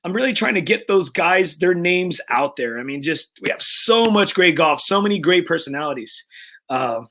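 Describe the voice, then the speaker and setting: A man's voice: on the high side, animated, moderate pace, fairly bright tone. A man hosting a casual golf podcast, speaking earnestly and getting emotional, with frequent restarts and fillers. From Texas. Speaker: podcast host.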